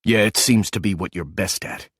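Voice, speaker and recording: A man's voice: fairly low pitch, normal speed, a bit bright, breathy edge, no echo, studio quality. A man voicing a bitter, sarcastic male ex-agent who talks in an accusing way.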